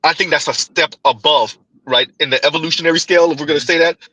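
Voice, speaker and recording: Bright, fast-talking male stream host. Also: a little high, dry recording, low-quality recording. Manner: fast, animated, restarts words. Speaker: livestream host. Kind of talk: casual call-in chat.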